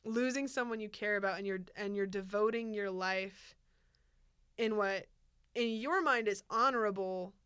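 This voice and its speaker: A woman co-hosting a podcast, chatting about a favorite film in an animated, rambling way with quick bursts. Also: medium pitch, clear, resonant tone, no room sound, studio quality. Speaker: podcast co-host. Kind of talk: casual chat about a film.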